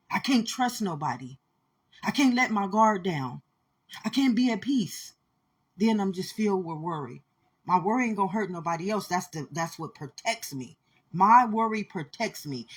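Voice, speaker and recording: With a medium-pitched, breathy voice, a woman speaks directly to listeners in an intense spiritual monologue, returning again and again to her points.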